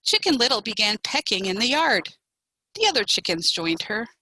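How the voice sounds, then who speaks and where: A woman, a children's librarian, reading a picture book aloud in an animated, expressive way. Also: a little high, normal speed, no room sound, low-quality recording.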